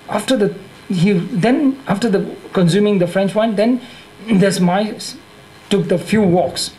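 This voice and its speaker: High-voiced monk teaching with Tibetan accent. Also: male voice, a little mellow, rough recording. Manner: halting, repeats and corrects himself, laughs often. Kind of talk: dharma teaching with humor. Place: teaching hall.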